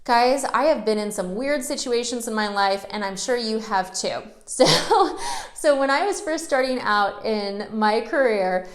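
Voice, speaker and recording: A woman mortgage loan officer talks casually to the camera in a chatty, animated way. Her voice sits on the high side, and the room around her sounds echoey. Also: measured pace. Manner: chatty, animated, acts out quotes. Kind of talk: casual storytelling vlog.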